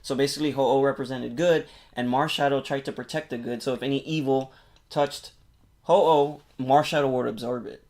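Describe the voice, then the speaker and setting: A man on a podcast excitedly retelling a movie plot in casual, rambling chat, full of filler words and swearing. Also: mid-range voice, moderate pace. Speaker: podcast co-host.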